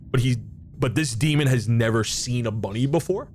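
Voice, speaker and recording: A man running a tabletop game, narrating a scene in a plain mid-range voice. He stops and restarts often, padding with fillers as he thinks aloud. A faint room hum sits behind him. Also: medium pitch. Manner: descriptive, halting, with many fillers and restarts. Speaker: game master.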